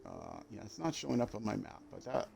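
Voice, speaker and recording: A man's voice: medium pitch, animated, brisk, vocal fry, darkish tone, soft background music. A man giving casual gameplay commentary as a streamer, rambling and correcting himself, with jokey asides. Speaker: game streamer.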